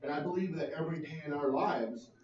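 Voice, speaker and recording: A man leading a small group Bible study, teaching in an earnest, halting way with many pauses. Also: fairly high pitch, over a noisy crowd. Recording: roomy lo-fi sound from a distant mic.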